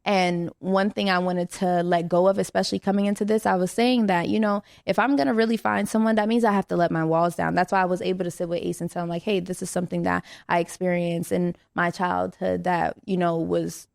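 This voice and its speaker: A woman's voice: lowish voice, brisk, gravelly, hardly any pauses. A young woman in her twenties, a podcast guest, telling her own story candidly and with feeling, raising her voice when she quotes herself and others. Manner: animated, acts out quoted lines with a raised voice. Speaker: podcast guest, reality show contestant.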